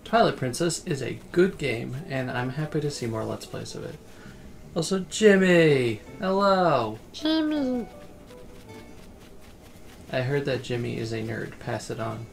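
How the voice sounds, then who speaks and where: Gravelly man chatting on a relaxed stream. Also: medium pitch, brisk, few pauses, soft background music. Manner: relaxed, rambling, reads chat aloud. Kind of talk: casual game livestream chat.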